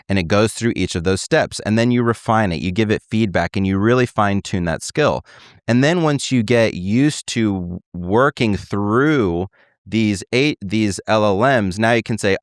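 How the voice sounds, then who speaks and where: A man with a low, smooth voice explains things in a casual, animated way, often slipping into quoted back-and-forth dialogue. He is recorded dry and close, with no room sound. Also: fairly quick, dry recording.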